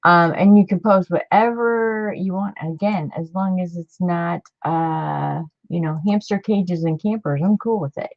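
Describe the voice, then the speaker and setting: A chatty woman hosts a homemade craft video, talking loosely to her viewers and circling back with lots of fillers. Her voice sits a little low, and the home-camera sound is dull and muffled. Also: a little slow, hardly any pauses. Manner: chatty, rambling, with many fillers and restarts. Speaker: craft channel host. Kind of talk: casual chat to viewers.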